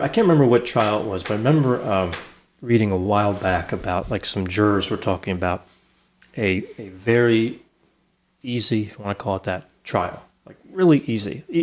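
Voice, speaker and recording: A man co-hosting a casual true-crime discussion, telling stories in a relaxed, wry way. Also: fairly low pitch. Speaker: podcast co-host.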